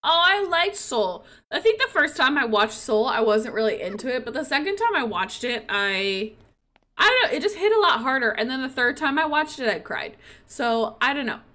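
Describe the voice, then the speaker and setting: A woman chats her way through a life-sim game in a loose, rambling manner. Her voice sits a little high, bright and forward, with lots of melody. She talks to her viewers like friends. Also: very animated, moderate pace. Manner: chatty, rambling, full of "like" and laughter. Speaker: gaming streamer. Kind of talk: casual let's-play commentary.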